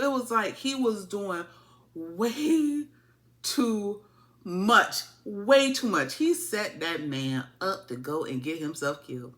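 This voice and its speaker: A woman giving a casual, animated, colloquial TV episode recap, repeating her points for emphasis. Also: mid-range voice, slow. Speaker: TV show reviewer.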